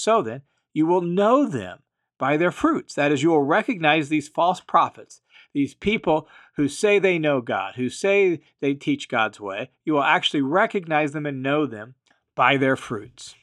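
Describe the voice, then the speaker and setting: A man with a voice pitched a little above the usual teaches scripture verse by verse. He explains each point patiently, then restates it in plainer words. He presses emphatically on the phrases that matter most. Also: animated, moderate pace, fairly bright tone. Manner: emphatic, leans on key phrases. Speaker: Bible teacher.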